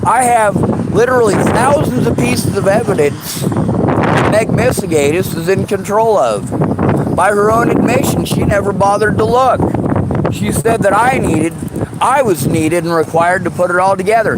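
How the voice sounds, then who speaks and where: A man's voice: high-pitched, heavy background noise. A man in an angry personal rant, swearing heavily and lashing out with bitter sarcasm.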